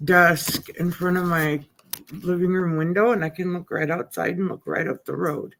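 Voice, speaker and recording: A woman's voice: on the low side, moderate pace, fairly bright tone. A middle-aged woman livestreaming from her living room, rambling in casual chat as if talking to herself. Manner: chatty, talks to herself. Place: living room at home by a window.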